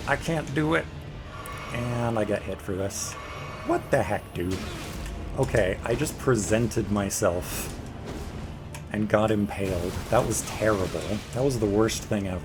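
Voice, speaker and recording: A man's voice: on the low side, gravelly. A man giving casual, jokey let's play commentary, talking to the boss as he fights it. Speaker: gaming video creator. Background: game music.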